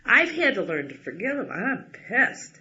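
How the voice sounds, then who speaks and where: A man's voice: sits high, very animated, measured pace, bright, forceful tone. A man talking through a painful family history in an emotional personal conversation, blunt and agitated and swearing when angry. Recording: dull lo-fi recording.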